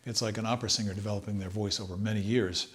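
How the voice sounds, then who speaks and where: Relaxed man teaching trumpet. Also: fairly low pitch, racing. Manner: relaxed, thoughtful, sings phrases to demonstrate. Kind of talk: instructional talk.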